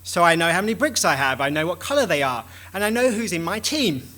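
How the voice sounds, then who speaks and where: A man giving a lively conference talk, animated and acting out little dialogues as he goes. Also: sits high, quick pace. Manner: animated, acts out dialogues with shifting voices. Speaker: conference speaker.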